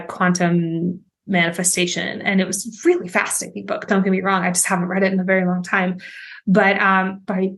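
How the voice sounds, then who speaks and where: Young woman, podcast host, casual candid monologue, laughs often, swears freely, mid-pitched voice. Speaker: podcast host and life coach.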